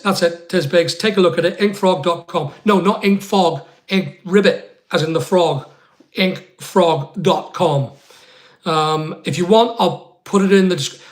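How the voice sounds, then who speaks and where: Man, Northern Irish accent, higher-pitched voice, casual livestream host, rambling, chatty, addresses viewers by name. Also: a bit bright. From Northern Ireland. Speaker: online seller hosting a live chat.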